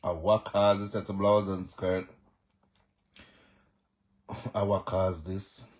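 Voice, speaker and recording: A man's voice: deep voice, takes it slowly. A young man with a Jamaican accent, chatting casually on a live stream and answering viewers by name. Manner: animated, reads out viewer comments and answers them.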